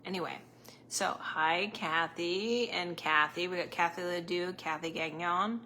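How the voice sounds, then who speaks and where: Chatty, bright-voiced woman streaming live. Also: on the low side, steady tone, unhurried, a little hiss or hum. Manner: rambling, chatty, laughs often. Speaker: psychic medium host. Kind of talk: casual live-stream chat. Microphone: close to a camera.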